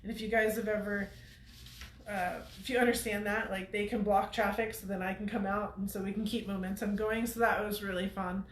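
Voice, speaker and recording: A woman's voice: mid-range voice, little pitch movement, brisk, roomy sound, a little hiss or hum. A woman hosting a weekly show, telling a story to viewers in a chatty way and laughing often. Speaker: host of a weekly off-road show.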